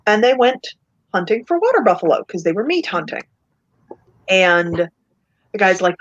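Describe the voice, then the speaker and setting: A woman chatting casually, telling stories with lively acted-out quotes. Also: lowish voice, normal speed, pauses often, dull audio. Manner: animated storyteller, acts out quoted voices. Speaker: podcast co-host. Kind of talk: casual storytelling chat.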